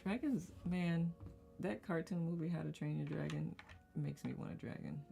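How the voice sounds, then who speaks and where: A woman's voice: deep voice, normal speed, creaky, over music. A woman hosting a casual live-stream circle, chatting, reading viewer comments aloud and laughing often in rambling asides. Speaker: host of a live community circle.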